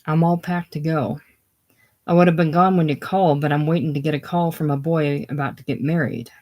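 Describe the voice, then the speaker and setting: A reader doing a gruff man with a slow drawl. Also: medium pitch, steady tone, darkish tone, natural voice. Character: a gruff married man walking out on his family.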